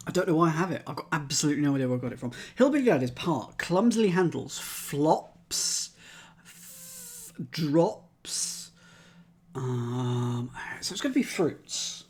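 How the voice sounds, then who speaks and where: A man's voice: on the high side, huge pitch swings, measured pace, a little mellow, breathy edge. A man streaming, thinking aloud as he solves a crossword and chats with his live chat, methodically trying out letters and words.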